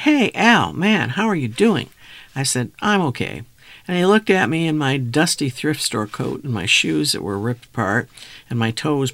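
A man's voice: medium pitch, a bit bright, dry recording. A man reading his own memoir aloud in a reflective, wry first-person storytelling manner. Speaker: memoir narrator.

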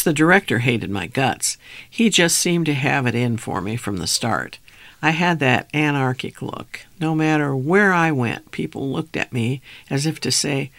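A man's voice: medium pitch, expressive, a little slow, creaky, a bit bright, no room sound. A man reading his own memoir aloud in a reflective, wry first-person storytelling manner. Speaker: memoir narrator.

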